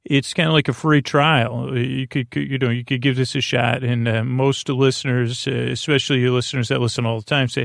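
A man hosting a sleep podcast, talking in a meandering way with lots of fillers and restarts, with a creaky voice. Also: mid-range voice, little pitch movement, fairly quick, hardly any pauses, no echo, studio quality. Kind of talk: rambling bedtime monologue.

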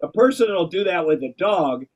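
A man with a slightly high voice talks bluntly in casual chat. He scolds firmly and swears, plain and direct. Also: lively intonation, moderate pace, darkish tone.

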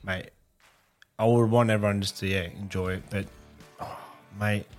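A man's voice: fairly low pitch, steady tone, normal speed, darkish tone, soft background music. A young Australian man co-hosting a podcast, rambling casually with plenty of swearing and laughter. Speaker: podcast co-host. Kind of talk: casual chat.

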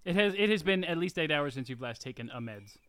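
Deep, lively woman, dry close sound. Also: fast talker, dry recording. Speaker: tabletop game player. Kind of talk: casual chat.

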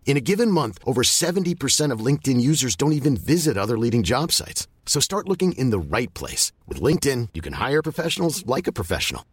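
A man reading a scripted advertisement in a measured, deadpan way. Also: mid-range voice, slightly rough, no echo, clean studio sound. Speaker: ad voice-over. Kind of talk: scripted ad read.

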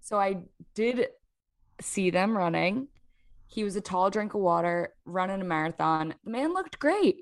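A woman with a Philadelphia accent, co-hosting a casual podcast and telling an animated story full of "like"s. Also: mid-range voice, measured pace. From South Jersey near Philadelphia. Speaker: podcast co-host. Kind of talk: casual chat.

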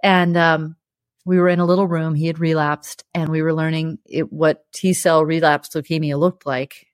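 Frank, low-pitched woman telling a story. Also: little pitch movement, normal speed, dry recording, studio quality. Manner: frank and emotional, laughing through hard memories. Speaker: interview guest, television producer. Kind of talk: candid conversational storytelling.

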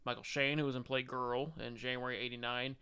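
A man's voice: mid-range voice, little pitch movement, brisk, pushed and bright, clear, resonant tone. A man co-hosting a podcast in casual chat, joking and stumbling over his words. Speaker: podcast co-host.

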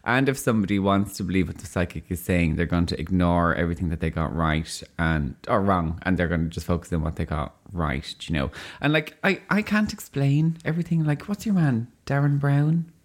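Low-voiced skeptical Irish man. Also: brisk, hardly any pauses. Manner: skeptical, wry, joking. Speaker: podcast co-host. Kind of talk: casual chat.

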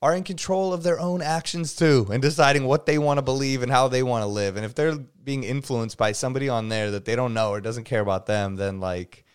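A man hosting a podcast in casual chat, an animated storyteller who acts out quotes loudly and laughs often. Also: medium pitch, a little fast, few pauses, clear, resonant tone. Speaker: podcast host.

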